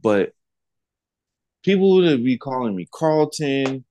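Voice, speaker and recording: A man's voice: slow pace, a little hiss or hum. A man co-hosting a podcast, telling stories in casual chat and mimicking other people in raised voices. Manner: animated storytelling, mimics others in high voices. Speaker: podcast co-host.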